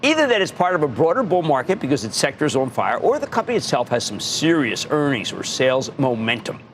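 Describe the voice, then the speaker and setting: A man's voice: mid-range voice, sing-song, fast, slight background noise. A middle-aged man hosting a stock market show, giving emphatic investing advice and repeating words for punch. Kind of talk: energetic investing advice monologue.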